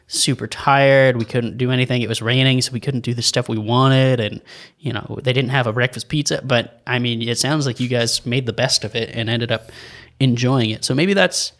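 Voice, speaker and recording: Guy wrapping up a podcast ep, easygoing, mid-pitched voice. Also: fairly bright tone. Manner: reflective, wrapping up the show. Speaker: podcast co-host. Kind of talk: casual chat.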